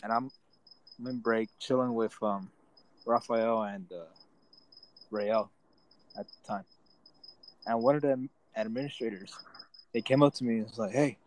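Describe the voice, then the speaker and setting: A man's voice: fairly low pitch, normal speed, long pauses, a little hiss or hum, poor audio. A young man casually telling a school story among friends, full of slang and swearing. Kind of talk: casual chat.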